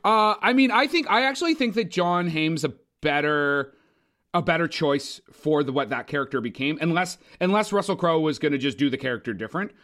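A man co-hosting a casual movie podcast, talking in an animated, opinionated way with frequent swearing. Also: fairly high pitch, a little fast. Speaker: podcast co-host. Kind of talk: casual movie review chat.

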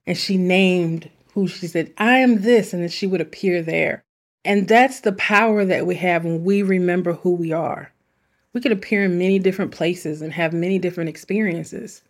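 A woman hosts a self-help podcast, offering reflective talk in an earnest, chatty manner with asides. Her voice is fairly low, steady in tone, and moderately paced.

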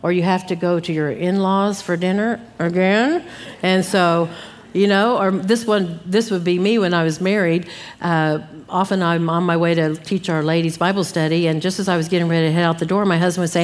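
A middle-aged woman teaching the Bible, talking emphatically and directly to her listeners. Her voice sits at an ordinary pitch. It rings with the long reverb of a live church hall. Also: steady tone, a little fast. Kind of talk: sermon.

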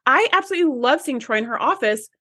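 A woman co-hosting a podcast, retelling an episode in animated, chatty talk and laughing easily. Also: high-pitched, quick pace, slightly rough. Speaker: podcast co-host. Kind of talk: casual recap chat.

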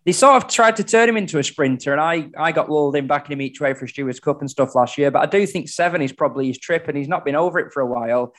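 A man's voice: fairly high pitch, fast, hardly any pauses, a bit bright. Chatty male racing tipster. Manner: chatty, fluent, analytical. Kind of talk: casual racing analysis.

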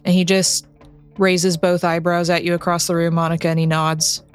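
A woman narrating a tabletop role-playing game as game master, relaxed and conversational, laughing easily. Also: lowish voice, moderate pace, clean tone, soft background music.

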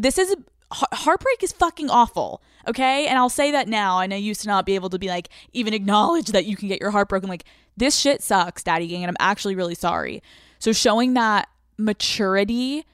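A woman's voice: medium pitch, no echo. Young female podcast host, mid-range voice, dry studio sound, blunt and profane delivery. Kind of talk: casual advice monologue.

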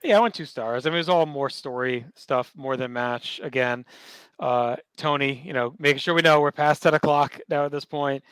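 A man co-hosting a podcast, giving relaxed, conversational commentary with fillers. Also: mid-range voice, normal speed, smooth, no room sound. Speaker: podcast co-host. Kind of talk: casual chat.

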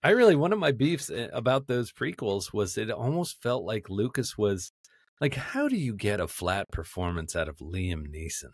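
Low-voiced man on a dry podcast mic. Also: normal speed, dry recording. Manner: animated, breaks into mocking impressions and laughs. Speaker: podcast co-host. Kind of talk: casual chat.

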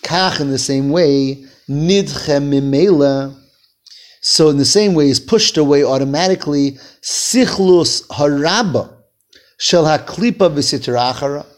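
A man's voice: fairly high pitch, unhurried. A man leading a text-study class, reading Hebrew phrases aloud, translating them and asking his students questions. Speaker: Torah teacher.

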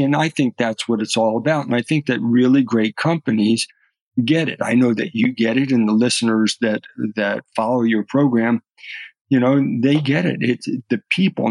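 A middle-aged man with a mid-range voice tells personal stories as a podcast guest, earnest in conversation and often starting his words over. The recording is rough with no room sound.

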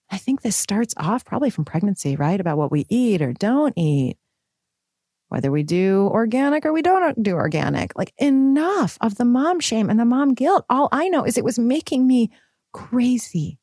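A woman's voice: a little high, big pitch swings, normal speed, warm tone, husky, dry recording, clean studio sound. A young woman, a new mother, speaking candidly and emotionally in a personal vlog.

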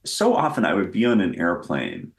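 A man's voice: deep voice, huge pitch swings, normal speed, gravelly, echoey room. A man talking as a guest in a casual interview, rambling and self-deprecating, with many restarts. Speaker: guest actor.

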